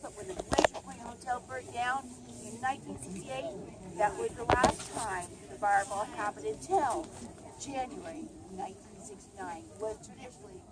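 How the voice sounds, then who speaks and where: A woman park ranger giving a spirited storytelling talk to visitors at an outdoor amphitheater, shouting out some lines, recorded by a camera in the audience. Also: sits high. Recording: noisy outdoor camera audio.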